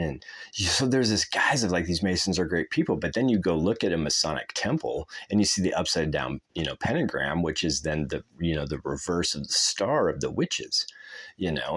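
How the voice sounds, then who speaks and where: A man's voice: low-pitched, fairly bright tone, husky. A man hosting a podcast, talking in a casual, rambling way, full of swearing and tangents. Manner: rambling, profane, laughs mid-sentence. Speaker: podcast host.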